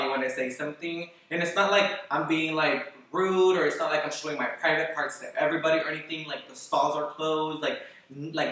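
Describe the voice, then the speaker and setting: A man vlogger telling a story casually in a rambling, animated way, with constant "like" fillers and swearing. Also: a little high. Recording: very echoey room, voice far from the mic.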